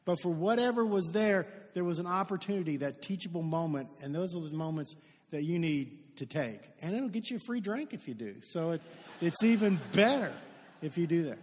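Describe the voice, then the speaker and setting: A man with a high voice preaches a sermon, trading off between story and acted-out lines. He grew up in Kentucky. His voice rings out with a long reverb in a large church hall. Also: a little fast. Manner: lively storytelling, acts out quoted dialogue. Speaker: pastor.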